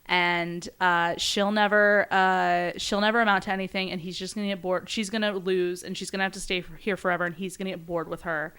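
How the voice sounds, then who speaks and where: A young woman co-hosting a casual podcast, retelling a fanfic plot in an animated way and acting out the characters' lines. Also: fairly low pitch, brisk, hardly any pauses, clear, resonant tone. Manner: animated storytelling, acts out lines with quotes. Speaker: podcast co-host.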